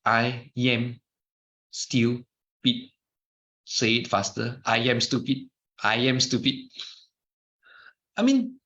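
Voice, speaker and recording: Chatty Malaysian-accented man telling anecdotes. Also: mid-range voice. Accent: Malaysian English. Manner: chatty storyteller, restarts and asides. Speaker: speaker giving a dharma talk. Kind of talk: informal talk with anecdotes. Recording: muffled lo-fi recording.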